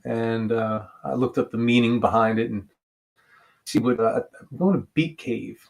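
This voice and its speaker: Man, slow unhurried delivery, hesitant, halting, casual musing monologue. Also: medium pitch, creaky. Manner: hesitant, halting, with many pauses and restarts. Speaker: vlogger discussing a song.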